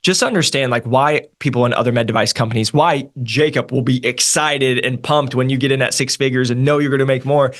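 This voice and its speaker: A man coaching nurses on a career move, talking in an energetic, emphatic way with lots of repetition. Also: medium pitch, brisk, few pauses. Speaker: sales coach. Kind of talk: podcast conversation.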